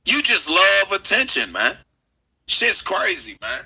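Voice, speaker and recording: Man, streamer; sharp, strained, husky voice; heated profane rant. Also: high-pitched, sing-song, slow, low-quality recording. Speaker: livestreamer. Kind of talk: livestream rant.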